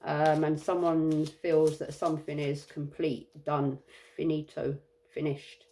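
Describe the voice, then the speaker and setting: A tired woman giving an intuitive tarot reading, musing and halting with many fillers. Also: low voice, level tone, dark tone. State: tired, yawning. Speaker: tarot reader.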